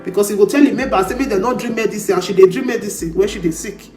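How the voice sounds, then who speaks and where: A woman's voice: mid-range voice, rapid-fire. A woman speaking Nigerian Pidgin, hosting and commenting on a clip in a lecturing way. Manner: lecturing, drawing lessons. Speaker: channel host. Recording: roomy echo with faint music.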